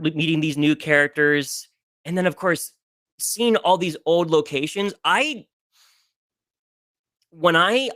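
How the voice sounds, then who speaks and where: A man's voice: a little high, bright, forceful tone, dry recording. A man guest on a casual podcast, talking emotionally and with many restarts about games he loves. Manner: gushing, emotional, restarts often.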